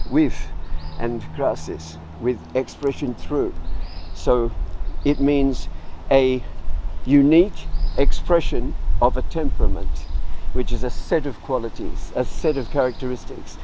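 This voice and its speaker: Explaining etymology and acting out snippets of dialogue, a middle-aged man leads an easygoing, informal writing tutorial. His pitch is medium, and the rough recording has a faint hiss or hum.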